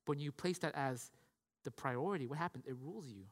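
A man's voice: a little high, fast. Man preaching in a reverberant hall. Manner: conversational, repeats "right?" often, acts out quoted voices. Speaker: pastor. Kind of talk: sermon.

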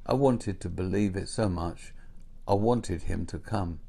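A man voicing a kindly old shoemaker who speaks softly, slowly and wistfully. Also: mid-range voice, big pitch swings, creaky, husky, full character voice. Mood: sad. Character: kindly old male shoemaker, gentle and sad.

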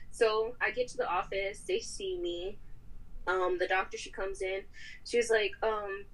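A woman's voice: medium pitch, moderate pace, rough recording. A woman guest on a podcast, telling a personal story in casual talk and acting out the people she quotes. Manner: animated, acts out quoted voices.

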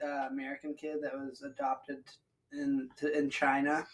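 A young man guesting on a podcast, speaking quietly and trailing off. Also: medium pitch, monotone, moderate pace, rough recording. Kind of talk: casual chat.

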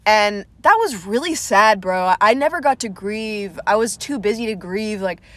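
A woman's voice: mid-range voice, lively intonation, moderate pace, fairly bright tone, dry recording. Rambling young woman comedian, dry close sound. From Atlanta. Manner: rambling, self-deprecating, swears casually. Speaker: comedian and podcast host. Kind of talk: casual solo podcast monologue. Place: small room at home, lights went out.

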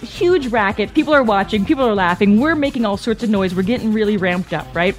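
A woman's voice: mid-range voice, fairly quick, faint music behind. A woman telling a comic personal story in a conversational way, often tagging lines with "right?" and laughing between them. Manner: animated, conversational, frequent "like" and "right?".

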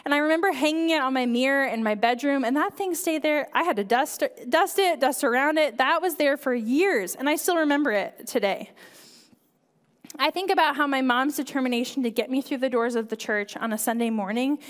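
Woman, 30s, high voice, church kids director giving a conversational sermon. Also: fairly quick, long reverb tail. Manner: earnest and conversational, frequent "right?" and "um". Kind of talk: sermon talk.

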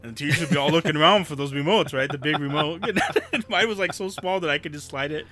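A man co-hosting a podcast, telling stories in a rambling casual way, full of fillers, his voice dropping low for the creepy parts. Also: animated, quick pace, pushed and bright, soft background music. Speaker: podcast co-host. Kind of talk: casual chat, storytelling.

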